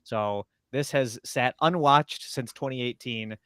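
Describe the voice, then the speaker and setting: Brief: male podcast co-host, mid-pitched, dry close sound, relaxed and rambling. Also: a little slow, smooth, dry recording. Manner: rambling, laid-back storytelling. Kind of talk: casual podcast chat.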